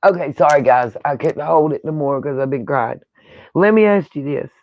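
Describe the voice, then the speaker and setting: Speaking in a low, slightly mellow voice at normal speed, a female livestream host delivers a blunt, profane, rambling rant from home in casual livestream talk. There's no echo, and the sound is lo-fi.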